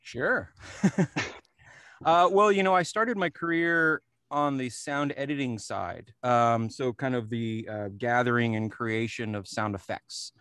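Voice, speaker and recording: A man's voice: medium pitch, measured pace, clean tone, no echo. A man from New Jersey, a re-recording mixer, talking casually in an interview with many fillers and restarts. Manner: relaxed, chuckles often, many fillers and restarts.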